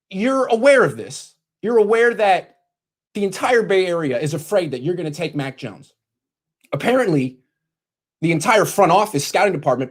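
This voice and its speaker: Sarcastic man ranting in his bedroom. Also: high-pitched. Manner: sarcastic, mocking, scolding. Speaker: sports commentator. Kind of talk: sarcastic vlog rant.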